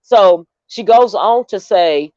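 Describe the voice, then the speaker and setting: A woman's voice: mid-range voice, expressive, slow, dark tone, no room sound. Rambling woman livestreamer, dull dry audio. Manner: rambling, chatty storytelling to viewers. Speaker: livestream host. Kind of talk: casual livestream commentary.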